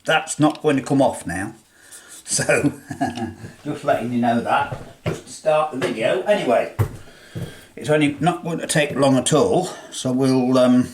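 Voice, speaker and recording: Slow-talking older English man in workshop. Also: medium pitch, animated, a little hiss or hum. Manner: chatty, talks himself through each step. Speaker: hobbyist restorer. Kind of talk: workshop demonstration. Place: home workshop.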